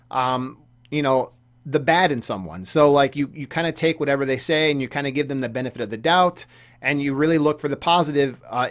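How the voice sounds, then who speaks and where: A young man delivering a casual commentary rant, heated and repetitive, with frequent stammering restarts. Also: a little high. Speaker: gaming YouTuber commentator.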